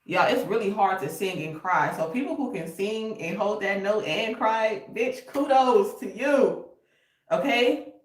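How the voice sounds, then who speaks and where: A woman's voice: medium pitch, measured pace. Woman, tarot reading, casual, emotional, profane, echoey room, slightly distant mic. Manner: emotional, cursing, breaks into singing. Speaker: tarot reader. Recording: roomy echo, voice a bit off-mic.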